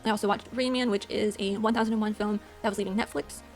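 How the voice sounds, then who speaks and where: A woman's voice: medium pitch, steady tone, fast talker, soft background music. A woman hosting a movie channel, chatting casually through a monthly recap of what she watched, rambling and correcting herself as she goes. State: out of breath. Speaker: movie channel host and podcaster. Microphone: voice-over, no camera.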